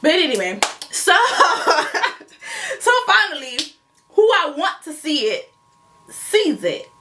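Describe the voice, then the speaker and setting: A woman's voice: very high voice, takes it slowly, slight background noise. A young woman vlogger tells a story in a casual, slangy way, often laughing as she goes. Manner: animated, laughing, slangy retelling.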